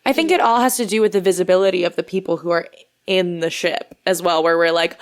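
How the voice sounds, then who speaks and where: A woman's voice: on the low side, fast. A woman in her thirties co-hosting a podcast, chatting casually and rambling, often laughing. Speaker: podcast co-host. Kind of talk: casual chat.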